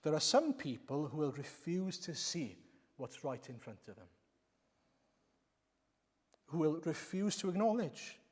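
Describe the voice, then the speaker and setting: A man's voice: a little high, very animated, measured pace, long pauses, darkish tone, breathy edge. A man preaching a sermon in a church, emphatic and repetitive, using rhetorical questions. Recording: long reverb of a church hall.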